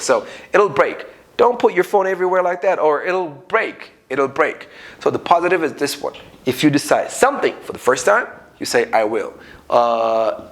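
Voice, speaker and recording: A man with an Ethiopian accent teaching an unscripted English grammar lesson, acting out little everyday dialogues as he explains. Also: mid-range voice. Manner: animated, acts out little dialogues.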